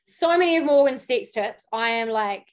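A woman's voice: fairly high pitch, lively intonation, normal speed. A woman in her thirties, a guest on a video-call interview, chatting casually and rambling through stories with frequent giggles. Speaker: guest, podcast co-host.

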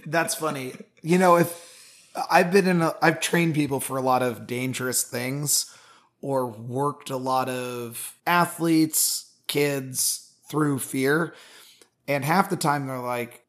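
A man's voice: medium pitch, unhurried. A man on a podcast co-hosting a casual chat, telling stories and acting out both sides of the dialogue. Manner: animated storyteller, acts out dialogue. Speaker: podcast co-host.

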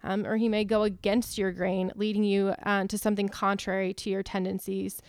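A woman with a smooth, clear voice reads out teaching points at a steady, measured pace. Her pitch stays fairly flat from line to line. The sound is close and dry. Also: no echo. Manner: steady, measured, cites verses one after another. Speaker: church co-host. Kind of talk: reading out a list of teaching points.

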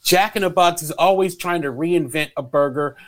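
A man co-hosting a morning radio show, telling stories in a loose, animated way and acting out what people said. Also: a little high, moderate pace. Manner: animated storyteller, acts out quotes, swears freely. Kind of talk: casual radio chat.

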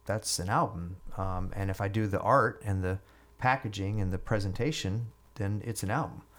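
A middle-aged man with a fairly low voice tells his story as a podcast guest. He talks chattily, stumbling over repeated words. He slips into playing the people in his tale. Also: moderate pace, a bit bright. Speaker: guest musician.

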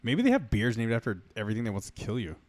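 A man's voice: medium pitch, huge pitch swings, racing, a little mellow, dry recording. A man co-hosting a podcast in casual chat, joking and teasing in an offhand way. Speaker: podcast co-host.

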